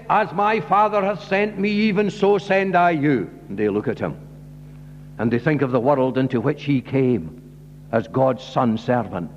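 A man preaching a sermon, earnest and emphatic, often asking the listeners questions directly. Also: very high-pitched. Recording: dull recording in a large hall with faint hum.

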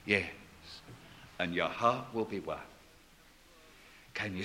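An older man preaching a sermon, dropping to a hush and then rising to loud proclamation. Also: lowish voice, unhurried, long pauses. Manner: swings between hushed and loud proclaiming.

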